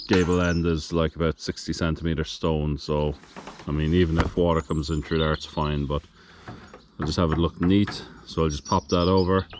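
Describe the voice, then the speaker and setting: A man with a low-pitched voice, heard over background noise, films himself renovating a farmhouse on a building site that partly includes a roof outdoors. Breathless and worn out, he offers casual, plain-spoken commentary that rambles and corrects itself.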